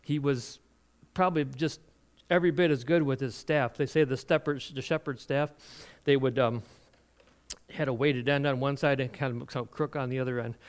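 A man preaching a sermon, retelling a Bible story in an animated way with laughs and restarts. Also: medium pitch, moderate pace.

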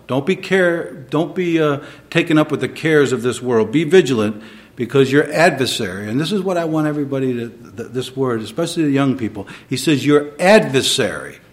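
A man preaching a sermon, moving between quiet reflection and emphatic, rising delivery. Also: mid-range voice, expressive, a little fast. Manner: dynamic, swings between soft and emphatic.

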